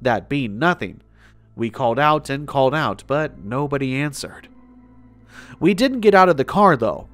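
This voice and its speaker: A man with a mid-range voice reads a first-person horror story aloud in a measured, steady delivery, the way a regular campfire-tale narrator does. A faint bed of music plays softly underneath. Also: mid-range voice. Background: faint background music.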